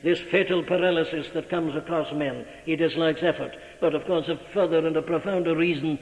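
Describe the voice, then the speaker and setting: Man preaching in a booming old hall recording. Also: fairly even intonation, fairly quick. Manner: emphatic, rhetorical questions to the listener. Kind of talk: sermon. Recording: dull old recording, long hall reverb.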